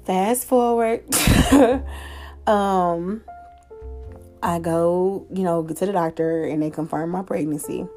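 A woman's voice: on the low side, slow pace, pauses often, warm tone, soft background music. A young woman hosting her own show, telling a personal story in a candid, casual way with frequent swearing and fillers. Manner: candid, profane, conversational with fillers. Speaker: podcast host.

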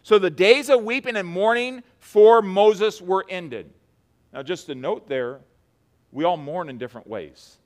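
A man preaching a sermon as pastor, swinging between hushed and loud emphatic delivery, with frequent restarts. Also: sits high, a little slow. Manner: repeats words, many restarts.

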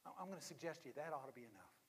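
A man preaching a storytelling sermon, dramatic and dropping to hushed tones for emphasis. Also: mid-range voice, expressive, very fast, a little hiss or hum. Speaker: pastor. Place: church sanctuary. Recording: long reverb of a large hall.

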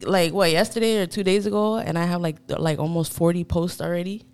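A woman talking easily among friends, dropping slang and fillers as she goes. Her voice is smooth and clear and sits a little low. She keeps a laid-back, chatty tone. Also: brisk. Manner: relaxed, slangy, lots of filler likes. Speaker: podcast co-host. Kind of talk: casual chat.

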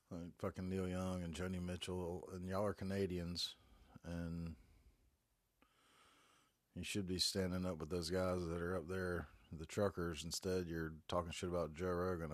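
A man's voice: low voice, no room sound. A man, rambling glumly and cursing through a solo home podcast while fighting a stuffy head cold. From North Carolina, US. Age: 40s. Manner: glum, rambling, heavy cursing. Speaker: podcast host. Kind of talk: casual solo podcast monologue. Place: back bedroom at home. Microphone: phone.

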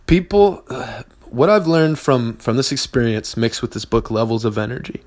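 A man's voice: medium pitch, expressive, moderate pace, darkish tone. A man hosting a solo business podcast, talking in a blunt, heavily profane and mocking way. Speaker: business owner and podcast host.

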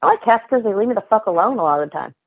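A woman telling animated, swearing stories in a casual podcast chat, heard over a tinny line. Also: mid-range voice, rapid-fire, dry recording. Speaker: podcast guest. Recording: tinny phone-like line, dry.

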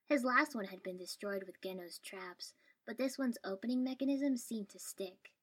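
A woman's voice: on the high side, normal speed, fairly bright tone, slightly rough. A woman reading a first-person story aloud in a dry, wry tone. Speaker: story reader.

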